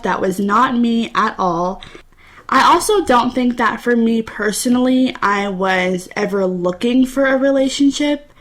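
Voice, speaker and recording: A woman's voice: a little high, a little slow. A young woman in her twenties hosting her own podcast, telling personal stories in a candid, chatty way. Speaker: podcast host. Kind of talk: casual solo podcast talk.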